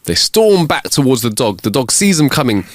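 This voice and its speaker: A man co-hosting a comedy podcast, reading listener jokes aloud with animated delivery and put-on voices for the characters. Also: mid-range voice, normal speed, no room sound, studio quality. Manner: animated joke telling with big laughs and put-on voices. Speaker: podcast co-host.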